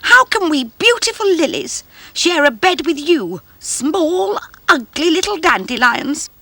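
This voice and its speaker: A woman voicing a chorus of proud, haughty female lilies, speaking in a shrill, snooty and scornful way. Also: very animated, unhurried, sharp tone, no echo, heavily acted.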